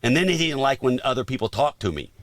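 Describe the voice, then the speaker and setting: A middle-aged man telling a casual anecdote as a podcast guest, animated and acting out quoted lines. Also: mid-range voice, fairly quick, dry recording. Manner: animated storyteller who acts out quotes and laughs often.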